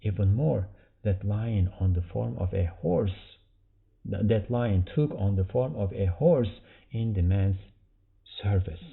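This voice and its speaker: A man's voice: lowish voice, lively intonation, slow pace, vocal fry. A man teaching a religious commentary podcast, reading a passage aloud and then explaining it in plain words, with rhetorical questions. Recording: tinny phone-like audio.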